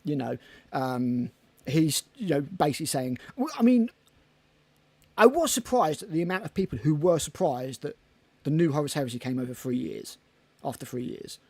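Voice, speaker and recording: A man with a gravelly, slightly husky voice, pitched a bit higher than most men, chatting loosely on a hobby podcast. He rambles and swears casually. The sound is close and dry. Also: lively intonation, moderate pace, a little mellow, no room sound. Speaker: podcast co-host. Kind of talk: casual chat.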